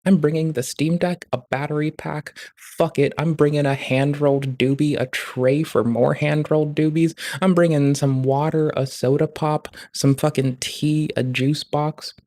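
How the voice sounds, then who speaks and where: A livestreamer in casual commentary, swearing constantly, joking crudely, and rising loud and high when ranting. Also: steady tone, unhurried, few pauses, no echo. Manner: profane, ranting, crude jokes.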